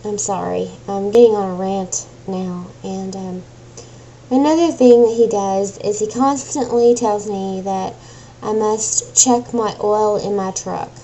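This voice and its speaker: A woman's voice: mid-range voice, steady tone, unhurried, mellow, slight background noise, low-quality recording. A young adult woman venting in an emotional personal rant, agitated and exasperated, swearing now and then. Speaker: vlogger.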